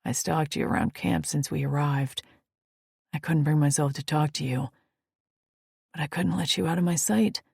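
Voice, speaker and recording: A woman voicing a gruff, stubborn male alien warrior. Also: deep voice, fairly even intonation, normal speed, pauses often, darkish tone, dry recording, clean studio sound, heavily acted. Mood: intense. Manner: growling, blunt, stubborn.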